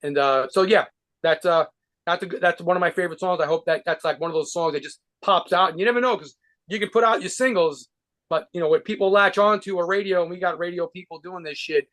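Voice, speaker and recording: New guy with a highish voice, rambling and cursing through a casual interview, lots of restarts. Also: fast, fairly bright tone. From New York. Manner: rambling, profane, with frequent restarts and laughs. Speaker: guitarist and band leader being interviewed.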